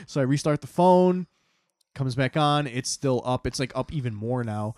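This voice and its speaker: A man's voice: medium pitch, fairly quick, darkish tone, no echo, studio quality. A young man, a podcast host, tells a story in casual chat, swearing often and acting out his own reactions.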